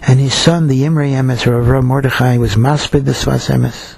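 A man giving a Torah talk as a storytelling sermon, earnest and slowing down to stress his points. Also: mid-range voice, steady tone, vocal fry, a little mellow, slightly rough, low-quality recording.

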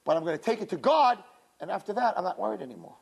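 A Torah teacher gives a religious lecture to young women, telling stories with animation and acting out the dialogue. Her medium-pitched voice is husky with vocal fry, and she talks in a rapid-fire way.

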